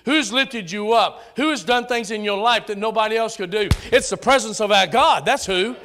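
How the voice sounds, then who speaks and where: In a church sanctuary, a Southern-accented male pastor calls out to his congregation, building to shouts on the important lines of his rousing sermon. His voice is high and moves at a normal speed, with a slight hiss or hum in the audio.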